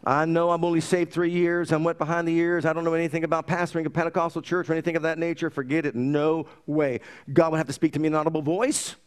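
A middle-aged male pastor preaching a sermon, telling his own story with lively energy and quoting scripture. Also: on the high side.

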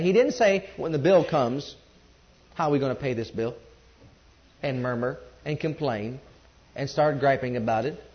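Emphatic male preacher, muffled recording. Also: mid-range voice. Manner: emphatic, calls on the congregation to respond. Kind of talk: sermon.

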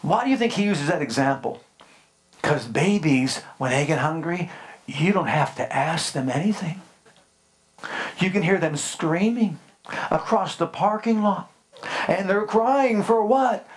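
A man with a high-pitched voice delivers a sermon to his congregation. He preaches with emphasis, calls out to the listeners, and lets his delivery swell into fervent, rising passages. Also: animated, measured pace. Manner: addresses the congregation directly with calls like "Amen?". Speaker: pastor.

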